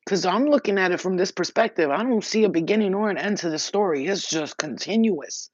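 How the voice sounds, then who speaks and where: A woman giving a channeled spiritual message to her viewers, talking in an excited, rambling and emotional way, and cursing now and then. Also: lowish voice, brisk, no echo, lo-fi sound. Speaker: spiritual reader.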